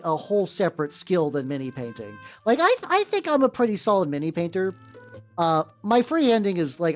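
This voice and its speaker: Lively rambling woman streamer. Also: lowish voice. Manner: rambling, filler-heavy, casually profane. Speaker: streamer painting miniatures. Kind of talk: casual live-stream chat. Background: faint background music.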